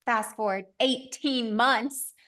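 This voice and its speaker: A woman podcast host in her thirties, telling a story in a lively, conversational way and acting out the dialogue. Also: a little high, slow pace. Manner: animated, acts out quoted dialogue.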